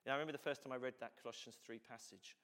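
A man's voice: medium pitch, fairly even intonation, racing, fairly bright tone. A man pastor giving a conversational sermon to his congregation, often saying "you know" and "so cool". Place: church hall. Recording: long hall reverb.

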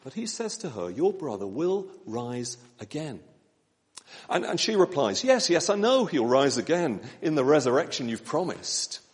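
A man preaching a sermon in a gentle, measured way, slowing down with pauses for emphasis. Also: a little high, sing-song. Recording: long church reverb.

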